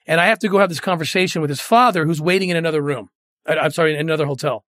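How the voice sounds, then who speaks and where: A man's voice: on the high side, rapid-fire, fairly bright tone, no room sound, clean studio sound. A middle-aged man, a guest in an interview, telling a moving story earnestly and often repeating words when moved.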